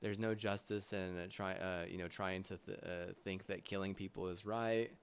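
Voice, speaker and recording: A young man streaming live, ranting angrily with constant swearing, halting restarts and loud agitated bursts. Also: low voice, steady tone, a little hiss or hum. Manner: heated, profane, swearing constantly; halting restarts, trailing fillers. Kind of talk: angry livestream rant.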